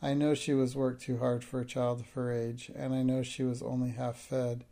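A man's voice: mid-range voice, completely flat delivery, moderate pace, creaky, warm tone, lightly acted. A man reading the part of a timid middle-aged schoolmistress, her lines turning tearful and hysterical. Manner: pleading, breaking into hysterical outbursts.

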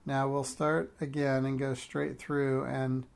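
Storybook mother, patient and firm under strain, read by a gravelly-voiced man. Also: mid-range voice, flat delivery, takes it slowly. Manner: patient, firmly corrective. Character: patient harried mother directing a pageant.

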